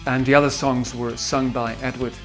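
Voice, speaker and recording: A man from the Netherlands, a composer, recalls his singers during an interview, speaking with a Dutch accent in a hesitant way full of fillers and restarts. His mid-range voice has little pitch movement and a moderate pace, with faint guitar music playing in the background.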